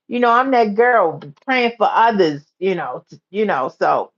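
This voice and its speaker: A woman from the United States hosting a casual livestream chat, telling a story in a chatty way, repeating phrases and going high when excited. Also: a little slow, hardly any pauses, dull audio. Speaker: livestream host.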